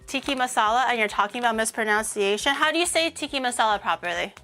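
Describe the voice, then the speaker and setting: A woman streamer chatting casually while she cooks, rambling and breaking into animated mock-outraged rants. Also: fairly high pitch, fast talker, soft background music. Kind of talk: casual livestream chat while cooking.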